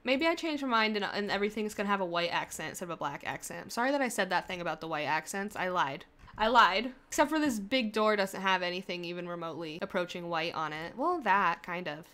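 A woman's voice: mid-range voice, animated, fast talker, fairly bright tone. A young adult woman chatting casually as she plays a building game, thinking aloud and laughing at herself. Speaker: gaming creator. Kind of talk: casual gameplay commentary.

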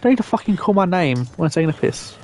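A young gamer does let's play commentary, ranting, swearing and barking orders at on-screen characters in exasperation. His slightly high, a little mellow voice swings widely in pitch and moves fast, with clear game sounds and slight background noise behind it.

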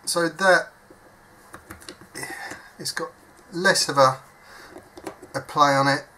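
Bloke explaining his soldering step by step, bright voice, casual and jokey. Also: fairly high pitch, slow, slight background noise. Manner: chatty, self-deprecating, thinks aloud while working. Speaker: hobby electronics modder. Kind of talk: casual step-by-step workbench demonstration. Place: at a workbench indoors.

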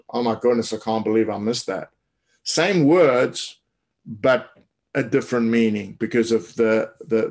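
A man giving a coaching webinar, explaining in a loose way with many fillers and restarts. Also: mid-range voice. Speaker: tennis coach. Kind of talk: webinar talk.

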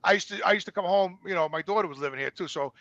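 A man's voice: high-pitched, racing, fairly bright tone, dry recording, dull audio. A man telling personal stories in a rambling, candid way, repeating words and swearing freely. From New York. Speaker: guest. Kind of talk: candid conversational storytelling.

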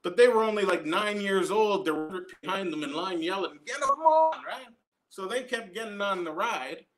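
A young man with a Canadian accent doing a stand-up set from home, telling a long story with deadpan asides and frequent tag questions. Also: high-pitched, normal speed, a crowd in the background. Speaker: stand-up comedian.

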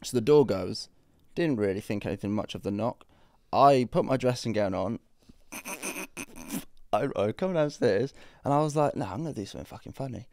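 Lively man telling stories. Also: mid-range voice, moderate pace, long pauses, no room sound, clean studio sound. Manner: animated storyteller, laughs often. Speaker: podcast co-host. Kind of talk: casual chat.

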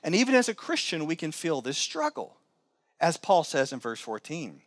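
A man preaching a sermon as pastor, swinging between loud, high exclamations and low, quiet asides. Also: wildly swooping pitch, moderate pace, dry recording, clean studio sound. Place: church sanctuary.

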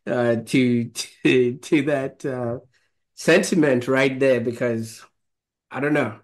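A man hosting an interview, asking long questions in a rambling, halting way, full of fillers. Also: medium pitch, steady tone. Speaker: podcast host.

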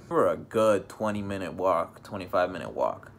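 A man's voice: low-pitched, animated, moderate pace, creaky, slight background noise. A young man telling a casual storytime vlog, rambling with many fillers and restarts. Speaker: vlogger.

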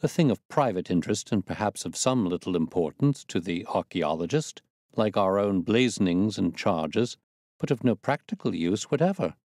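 A man reading a classic detective story aloud as a storyteller, measured and expressive. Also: on the low side, dry recording, studio quality.

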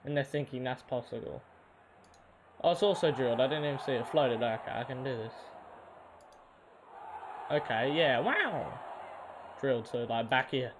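A man's voice: mid-range voice, lively intonation, moderate pace, pauses often, noisy background. A young man giving casual commentary while playing a football video game, often frustrated and yelping at missed shots. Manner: frustrated, yelps and groans at misses. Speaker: gamer.

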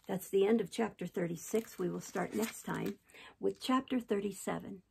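A woman reads a classic novel aloud with steady, unhurried delivery. Her voice is gravelly and husky, with a warm, mellow tone. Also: mid-range voice, poor audio. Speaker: audiobook reader.

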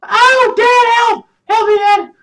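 A man's voice: fairly even intonation, slow pace, sharp tone, full character voice. A man putting on the voice of a young son who whines and yelps at his dad while they play a game. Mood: panicked. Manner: shrill, yelping, bratty.

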